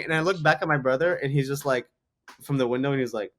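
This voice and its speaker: A man's voice: medium pitch, fast talker. A man in his twenties from Canada, a guest comedian telling rambling anecdotes full of "like.". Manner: rambling anecdotes, heavy use of "like". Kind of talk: casual podcast storytelling.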